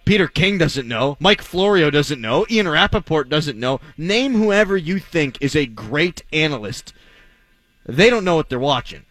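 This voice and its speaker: A man's voice: a little high, animated, a little slow, fairly bright tone, no room sound. A man hosting a sports talk radio show, delivering a blunt, sarcastic, opinionated monologue.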